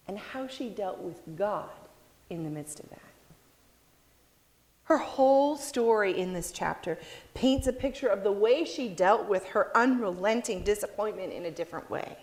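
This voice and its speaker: A woman preaching a sermon, telling a story with expressive delivery and acting out the people in it. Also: mid-range voice, long reverb tail.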